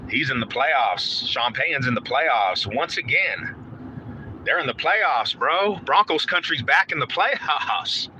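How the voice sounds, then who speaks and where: A man's voice: on the high side, expressive, a little slow, pushed and bright, slight background noise. A man live-streaming from his car on the way to work, chatting hyped and trash-talking, calling everyone bro. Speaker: live-streaming sports fan host. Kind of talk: casual live stream chat. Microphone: phone in hand.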